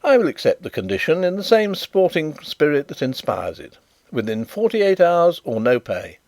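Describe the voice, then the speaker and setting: A man reading an audiobook, voicing a good-humoured, shrewd male detective with measured delivery. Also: a little high, big pitch swings, a little mellow, dry recording, voice pushed up. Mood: assured. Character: urbane blind male detective, genial and shrewd.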